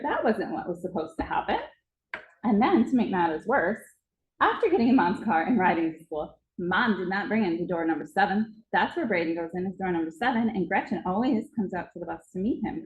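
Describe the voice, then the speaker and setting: A woman's voice: medium pitch, animated, a little fast, highs cut off, a little hiss or hum. Woman telling a story in an echoey hall. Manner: vivid storytelling, acts out moments. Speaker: conference speaker. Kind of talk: storytelling presentation. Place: conference hall.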